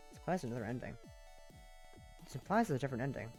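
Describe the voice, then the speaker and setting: A woman streamer commenting on a game she plays, muttering low and repeating herself in disbelief. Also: very animated, fast talker, long pauses, darkish tone, husky, soft background music. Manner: low, mumbled, incredulous repeating. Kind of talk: casual gameplay commentary.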